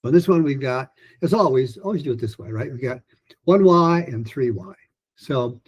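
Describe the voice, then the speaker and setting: A man teaching a pronunciation lesson in a loose, rambling way, with many restarts, fillers and slowly modeled phrases. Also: medium pitch, animated, slightly rough, highs cut off. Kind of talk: recorded lesson talk.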